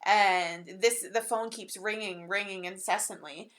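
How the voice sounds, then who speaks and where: Woman, podcast co-host, casual chat, laughs a lot, mid-pitched voice. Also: fairly even intonation, unhurried, fairly bright tone. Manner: chatty, laughs often.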